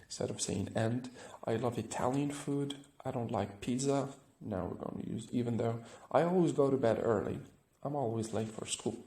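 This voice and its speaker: Gravelly-voiced man teaching English grammar. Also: mid-range voice, normal speed, hardly any pauses, mellow, roomy sound. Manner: explains step by step, often checks with "right?". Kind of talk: recorded grammar lesson.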